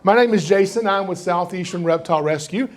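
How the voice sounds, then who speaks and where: A middle-aged Southern man with a high, light voice tells folksy stories to a live crowd at a library reptile show. He jokes easily and keeps the room engaged. His drawl carries through every story. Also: fairly quick. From Georgia, USA. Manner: joking, folksy, animated storyteller. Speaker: reptile rescuer giving a library program. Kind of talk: live storytelling talk to an audience.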